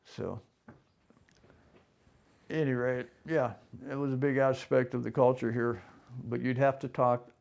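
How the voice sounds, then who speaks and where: An older man recounts local stories to an interviewer in a casual, meandering way. His gravelly, fry-laden voice sits at an ordinary middle pitch. He slips into quick impressions of the people in his tales. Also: fairly even intonation, darkish tone, highs cut off. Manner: rambling anecdotes, acts out other people's lines. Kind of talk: casual storytelling.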